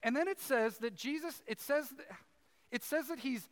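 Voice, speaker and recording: A man's voice: very high-pitched, moderate pace. A man preaching a sermon, conversational and chatty, with frequent asides to the congregation. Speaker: pastor. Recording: long hall reverb.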